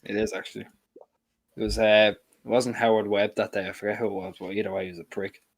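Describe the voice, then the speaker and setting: Young man, Dublin accent, low voice, rambling, swears freely, dry close mic. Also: level tone, fast talker, creaky, no echo. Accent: Dublin Irish. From Dublin, Ireland. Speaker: co-host. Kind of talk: casual football watch-along chat.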